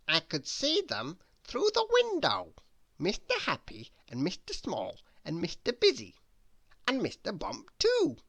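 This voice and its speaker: A woman reading a children's bedtime story aloud in the first person, with expressive storytelling. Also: fairly low pitch, no echo, studio quality.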